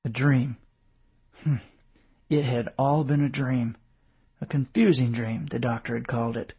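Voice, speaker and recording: A man narrating a novel in a measured storytelling voice. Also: mid-range voice, steady tone, a little mellow, breathy edge. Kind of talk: audiobook narration.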